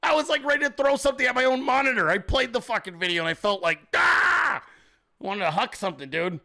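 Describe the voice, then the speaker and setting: A man's voice: very high voice, fast talker, pushed and bright. A man hosting a political commentary show, ranting crudely and sarcastically, swearing and doing mocking impressions.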